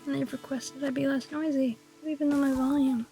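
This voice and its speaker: A woman streamer whispering softly in a raspy voice, musing playfully and with mock grandeur as she chats over her game. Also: high-pitched, flat delivery, a little fast, faint music behind. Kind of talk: casual gameplay chat.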